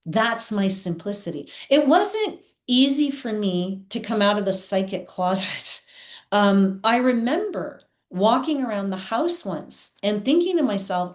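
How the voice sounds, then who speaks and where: A woman speaking as an interview guest about her work as a psychic reader. She tells personal stories in an animated way, and her voice rises and falls widely as she talks. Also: mid-range voice, measured pace. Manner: animated, reflective storytelling. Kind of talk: conversational interview answers.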